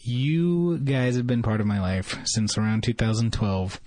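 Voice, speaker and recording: A man's voice: medium pitch, steady tone, unhurried, darkish tone, no room sound. A man sending a recorded message of thanks to a podcast, earnest and a little choked up. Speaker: listener leaving a voicemail.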